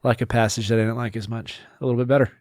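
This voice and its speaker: A man's voice: medium pitch, steady tone, very fast, darkish tone, no room sound, clean studio sound. A man co-hosting a book podcast, chatting casually with wry, teasing interjections. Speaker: podcast co-host. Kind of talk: casual chat.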